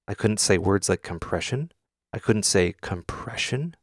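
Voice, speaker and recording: A low-leaning, slightly slow male voice with no room sound belongs to a music producer streamer broadcasting from his home studio. The live stream is casual: he's candid, swears a lot and responds to chat's questions.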